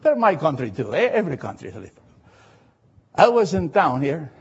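A man with a Latin American Spanish accent preaching a sermon, impassioned and repeating phrases, swinging from loud cries to low asides. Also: very animated, normal speed, slightly rough, dull audio.

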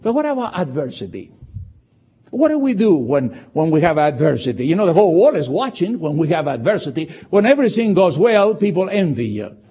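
A man preaching a sermon, animated and emphatic, with many restarts. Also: on the high side, a little fast, husky. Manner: animated, repetitive restarts, rising to emphatic shouts. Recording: dull lo-fi sound.

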